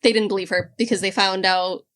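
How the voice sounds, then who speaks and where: A woman's voice: mid-range voice, steady tone, fairly quick, fairly bright tone. Woman casually summarizing a novel's plot. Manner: plot summary full of fillers and restarts. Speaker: book club podcast co-host. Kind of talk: casual chat.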